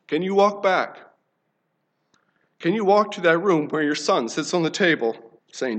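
A man with a fairly high voice tells a sermon illustration with dramatic pacing. He swings between urgent passages and sudden hushed, slowed lines. The delivery stays intense and vivid throughout. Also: sing-song. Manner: dramatic, sudden drops to a hush, slows for emphasis. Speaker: preacher.

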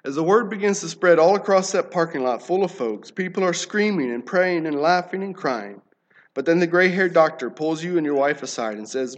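A man preaching, telling a story dramatically, often dropping to a hush and slowing down for emphasis. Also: on the high side, lively intonation. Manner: dramatic, sudden drops to a hush, slows for emphasis.

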